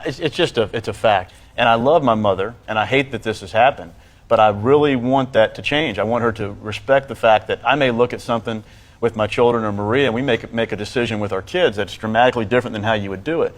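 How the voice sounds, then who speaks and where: A man's voice: lowish voice, fast. A man with a Virginia Southern accent speaking earnestly on a talk show, pressing his mother to tell the truth. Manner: earnest, pleading, then sharply accusing. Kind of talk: emotional confrontation.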